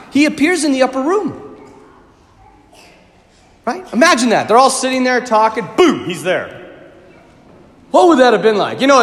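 A man, a priest, giving a homily at Mass, telling the story animatedly, acting out startled reactions and often clearing his throat. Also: extremely high pitch, fairly bright tone. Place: church. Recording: long church reverb.

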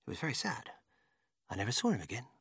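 An actor playing a manic, whimsical man who runs a candy factory, swinging from shouting to whispering. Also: medium pitch, huge pitch swings, quick pace, vocal fry, breathy edge, no room sound, clean studio sound, full character voice. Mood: hushed. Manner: bursts of shouting and sudden whispers.

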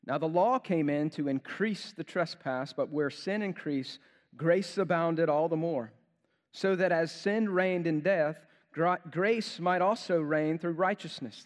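A male pastor preaching a sermon, emphatic, building to forceful rhetorical questions. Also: on the high side. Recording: long hall reverb.

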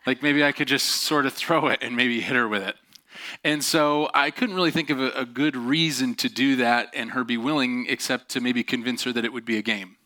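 A man preaching a sermon as a pastor, telling a long personal story in an animated, self-mocking way and laughing often. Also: mid-range voice, a little fast.

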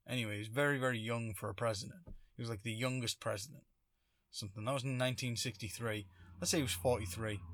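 A man's voice: medium pitch, fairly bright tone, dry recording, clean studio sound. A man talking alone in a rambling, sarcastic way, often stopping himself mid-thought. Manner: rambling, sarcastic, self-interrupting. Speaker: vlogger. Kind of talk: casual solo monologue.

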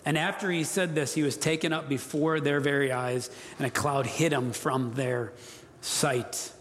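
A pastor preaches in earnest, pressing his points and having the room repeat key phrases. His voice sits fairly high for a man. The sound rings out with the long reverb of a church hall. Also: fairly even intonation, a little slow, fairly bright tone. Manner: earnest, emphatic, leads congregation call-and-response. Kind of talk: sermon. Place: church sanctuary.

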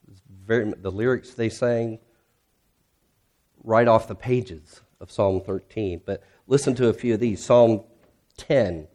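Low-voiced male pastor preaching. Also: warm tone. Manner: conversational, with rhetorical questions; reads scripture aloud with rising intensity. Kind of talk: sermon.

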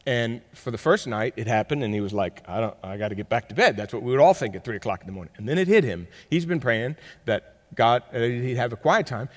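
A man preaching a sermon, telling stories with big swings between loud bursts and quiet, close talk. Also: medium pitch, lively intonation, fairly quick, hardly any pauses. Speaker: pastor. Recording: long hall reverb.

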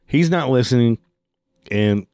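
A man's voice: mid-range voice, expressive, unhurried, darkish tone, dry recording, clean studio sound. A man telling a heated, profane story in a casual storytelling style, swearing freely.

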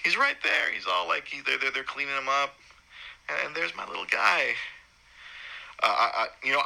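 A man telling the story of his son's birth in a casual, halting way. He is choked up and keeps restarting, and his voice jumps high when he quotes himself. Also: gravelly, pushed and bright, low-quality recording. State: choked up, holding back tears. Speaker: new father recounting his son's birth.

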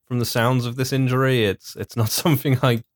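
A man in casual podcast chat, explaining in a measured way with many fillers. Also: mid-range voice, level tone, no echo, clean studio sound. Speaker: podcast co-host.

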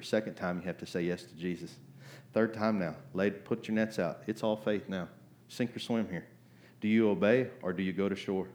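A man preaching a sermon in a conversational way, acting out voices and asking "right?" often, climbing to loud emphatic bursts. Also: lowish voice. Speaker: pastor.

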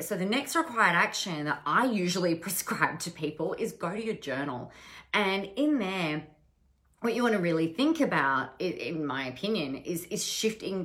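A woman's voice: on the low side, fairly bright tone. A woman business coach talking casually on a live stream, frank and swearing freely, with many restarts.

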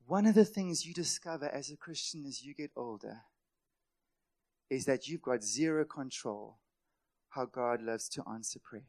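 A man preaching a sermon as pastor, impassioned, swinging between loud emphatic lines and quiet asides, and acting out the voices of worried people. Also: mid-range voice, expressive, moderate pace.

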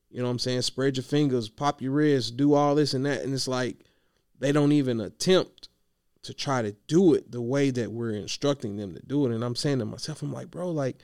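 A man talks straight to camera in a casual vlog, venting about coaching with slangy, animated talk. His voice is gravelly yet smooth and full. It sounds close and dry, with no room around it, and he seems worn out from yelling. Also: medium pitch, dry recording. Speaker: youth basketball coach.

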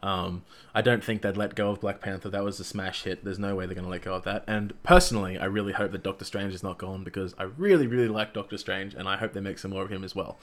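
A man casually recapping a movie plot and giving his opinions, talking in an animated way with frequent fillers and restarts. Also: low-pitched, fast talker. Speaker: film reviewer.

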